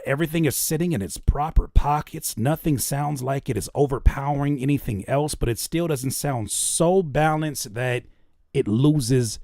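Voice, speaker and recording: Guy reacting to songs on a livestream, lively up and down voice, jokey and cussing, dry close sound. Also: mid-range voice, no room sound. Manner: animated, joking, cursing. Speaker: music reaction host. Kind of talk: livestream music feedback.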